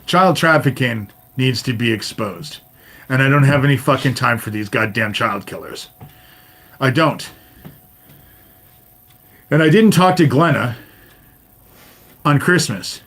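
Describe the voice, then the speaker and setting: A man's voice: medium pitch, lively intonation, a little slow, pauses often, a bit bright. A man in his fifties ranting on his own livestream, swearing heavily, talking straight at viewers and ending lines with "you know?". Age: 50s. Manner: swears constantly, addresses viewers directly, repeats "you know?". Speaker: livestream host. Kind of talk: profane livestream rant to chat.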